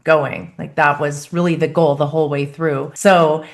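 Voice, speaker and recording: Woman, coach, lowish voice, encouraging, casual interview, fillers. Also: little pitch movement, normal speed, creaky. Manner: warm recap, encouraging, filler-heavy. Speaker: nutrition coach.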